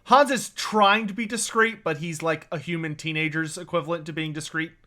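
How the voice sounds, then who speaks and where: A man running a tabletop role-playing game, narrating the scene in a loose, chatty way with plenty of fillers. His voice sits high and bright. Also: fairly even intonation, brisk. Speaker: game master.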